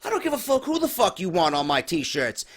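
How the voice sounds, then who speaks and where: A man's voice: high-pitched, wildly swooping pitch, fairly quick. A man ranting through a profane, sarcastic review of a wrestling show, exasperated and mocking. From New York.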